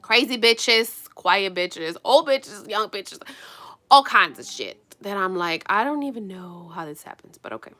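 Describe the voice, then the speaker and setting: A woman's voice: medium pitch, lively intonation, unhurried, bright, forceful tone. A woman vlogger chatting casually to her viewers as she gets ready, telling a rambling, gossipy story full of swearing and talking straight to her audience. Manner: addresses viewers directly. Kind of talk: casual chat while getting ready.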